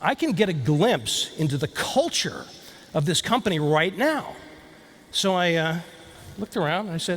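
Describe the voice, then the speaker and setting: High-voiced man giving a playful keynote. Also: sing-song, normal speed, fairly bright tone, a little hiss or hum. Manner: storytelling, playful, engages the audience directly. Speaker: keynote speaker. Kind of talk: live keynote speech.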